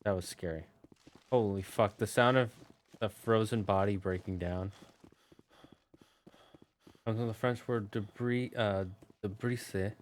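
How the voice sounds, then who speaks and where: A man's voice: lowish voice, fairly even intonation, a little slow, long pauses. Joking gaming streamer, man. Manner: crude, joking banter with chat. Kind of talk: casual let's-play commentary. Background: game music.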